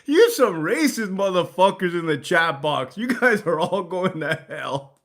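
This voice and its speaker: Man, livestream host, casual chat, swearing, laughing, slightly high voice. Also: lively intonation, a little slow, a bit bright. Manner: profane, laughing, reading chat aloud.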